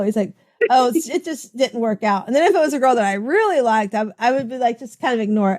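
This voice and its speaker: Enthusiastic higher-voiced woman host. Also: lively intonation, fairly quick, darkish tone. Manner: enthusiastic, effusive, laughs often. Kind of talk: casual interview chat.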